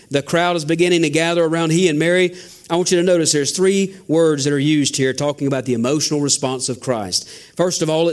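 A man preaching a sermon as a pastor, asking rhetorical questions and building emphasis. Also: on the high side. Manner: father.

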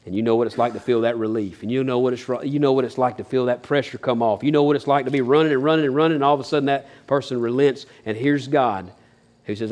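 A man's voice: mid-range voice, fast talker, a little mellow. A man preaching a sermon as a pastor, folksy and earnest, building emphasis as he goes.

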